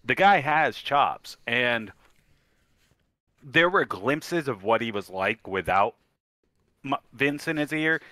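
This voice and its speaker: A man's voice: medium pitch, animated, takes it slowly, pauses often, bright, forceful tone, dry recording. A man co-hosting a wrestling podcast in casual chat, matter-of-fact and brief. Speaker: podcast co-host.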